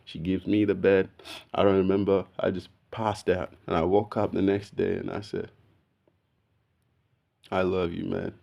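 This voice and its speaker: A man, telling a story in a casual, slangy, animated way, saying "bro" all the time. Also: low voice, normal speed, vocal fry, dull audio. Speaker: video podcast host.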